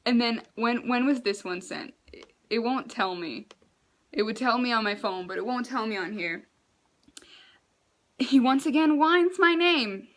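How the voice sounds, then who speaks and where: A woman vlogger telling a story to the camera, exasperated and animated, laughing in disbelief. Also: on the high side, unhurried, long pauses.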